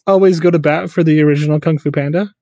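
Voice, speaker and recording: A man co-hosting a podcast in casual chat, speaking in a measured way with hesitant restarts. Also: on the high side, fairly even intonation, a little mellow, no room sound, lo-fi sound. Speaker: podcast co-host.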